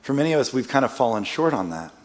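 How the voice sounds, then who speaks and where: A man's voice: mid-range voice, sing-song, fast talker. A man preaching as a guest speaker in a church, telling a personal story in a casual, self-deprecating way with joking asides. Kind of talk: conversational sermon storytelling. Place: church sanctuary. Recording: long church-hall reverb.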